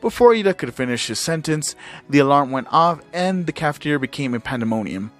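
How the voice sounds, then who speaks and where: A man's voice: a little high, sing-song, a little fast, fairly bright tone, faint music behind. A man who hosts a channel, casually reading fan fiction aloud with small slips and fillers.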